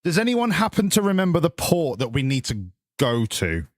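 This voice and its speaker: A man's voice: on the high side, huge pitch swings, normal speed, no echo. A British man rambling crudely and jokingly to himself while driving a truck in a game. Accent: British English. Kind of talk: casual rambling commentary. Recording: loud road and engine noise behind.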